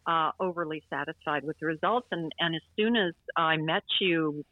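A woman's voice: sits low, normal speed, dry recording. A woman from Wisconsin with an American Midwestern accent, a guest speaking in a casual podcast interview with a chatty, self-deprecating manner and frequent restarts. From Wisconsin, USA. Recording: tinny phone-like line.

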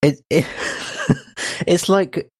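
A man co-hosting a podcast, recapping in casual chat, halting with many fillers and laughs. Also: on the high side, darkish tone, slightly rough, no room sound, clean studio sound. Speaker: podcast co-host.

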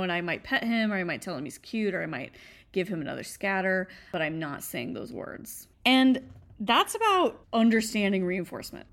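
A woman, a dog trainer talking casually and chattily, laughing often and throwing in animated asides. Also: mid-range voice. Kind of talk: casual explanatory talk.

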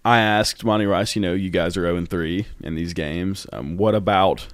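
A young man with a notably deep voice talks sports in a laid-back, easy way. He chuckles now and then and lets his sentences fade off softly. The sound is dry and close to the mic. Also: normal speed, smooth, dry recording. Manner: relaxed, chuckles often, trails off quietly. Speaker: student sports podcast co-host. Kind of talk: casual sports chat.

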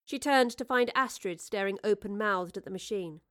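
A woman narrating a story in a measured, descriptive way. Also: medium pitch.

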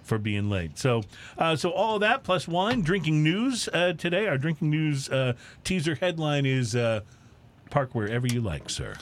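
A man co-hosting a casual drinks podcast, chatting in a relaxed, rambling way with lots of fillers. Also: a little high, measured pace, slight background noise. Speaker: podcast co-host. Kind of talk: casual chat.

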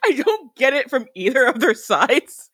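Bubbly, high-voiced woman podcaster. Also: moderate pace, breathy edge, no echo, clean studio sound. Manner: giggly, excited, restarts often. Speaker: podcast co-host. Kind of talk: casual TV recap chat.

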